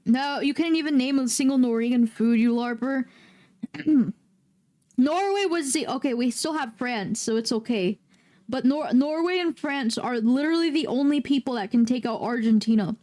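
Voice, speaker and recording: A woman streaming a game, chatting casually with viewers and breaking into loud, excitable, swearing outbursts. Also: sits high, moderate pace. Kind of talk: casual livestream chat.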